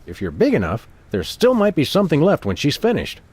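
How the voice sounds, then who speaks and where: An actor playing a dry, deadpan dog detective who speaks politely in a game. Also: male voice, a little high, brisk, husky, full character voice.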